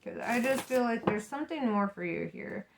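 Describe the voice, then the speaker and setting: A woman's voice: fairly high pitch, animated, normal speed, heavy background noise. Laughing, swearing woman tarot reader. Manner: frank and profane, laughs often, says "right?" a lot. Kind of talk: casual tarot reading.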